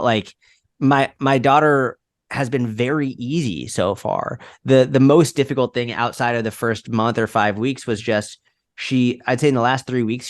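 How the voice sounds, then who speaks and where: A man's voice: mid-range voice, no echo, studio quality. A young adult man chatting as a podcast guest, rambling with lots of "like" fillers. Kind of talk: casual conversational storytelling.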